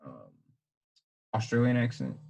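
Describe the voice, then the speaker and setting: A husky-voiced young man chats loosely as a podcast co-host. His pitch swings up and down in a lively way. He rambles and hedges, often correcting himself mid-thought. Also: measured pace, low-quality recording. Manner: rambling, hedging, self-correcting. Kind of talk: casual chat.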